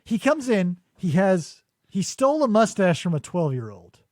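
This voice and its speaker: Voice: medium pitch, sing-song, normal speed, darkish tone, no room sound. A podcast host riffing sarcastically in casual comedic chat, breaking into impressions, on a studio microphone.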